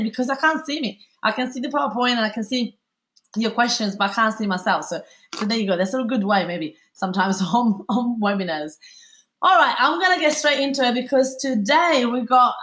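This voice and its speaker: A woman from Italy with an Italian accent, hosting a live webinar in a fast, bubbly, chatty way with many fillers. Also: fairly high pitch, a bit bright. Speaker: webinar host.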